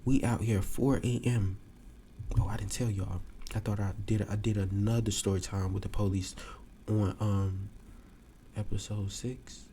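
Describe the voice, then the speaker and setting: A young man hosting a podcast, telling a story casually to a live audience and acting out the quotes with sudden jumps in pitch. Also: fairly even intonation, moderate pace, mellow, a little hiss or hum. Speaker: podcast host.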